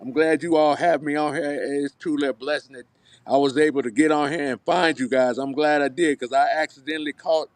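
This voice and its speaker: A man's voice: fairly high pitch, fairly even intonation, fairly quick, dry recording. A man speaking as a panelist in an easygoing, rambling way. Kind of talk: casual panel chat.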